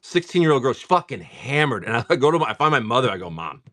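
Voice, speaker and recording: A man in his forties chatting casually on a live stream while opening card packs, rambling and swearing, with filler words and frequent throat clearing. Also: medium pitch, animated, quick pace, bright, forceful tone. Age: 40s. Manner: rambling, profane storyteller.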